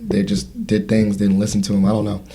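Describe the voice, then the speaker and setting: A man's voice: on the low side, monotone, a little fast, creaky, dark tone, husky. A man in his thirties hosting a casual podcast conversation, telling a story in a rambling way with many fillers and restarts. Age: 30s. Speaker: podcast host.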